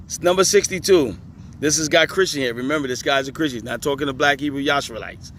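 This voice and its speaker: A man's voice: mid-range voice, fast, fairly bright tone, a little hiss or hum. A man outdoors on a hot day, reading questions aloud and commenting on them, laughing often and talking back to the text. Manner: laughing, emphatic, talks back to the page. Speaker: religious commentator.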